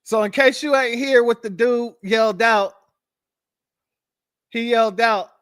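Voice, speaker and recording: An American man hosting a live-stream commentary, sarcastic and animated, calling his viewers family. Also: very high voice, unhurried, long pauses, smooth, no echo. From United States.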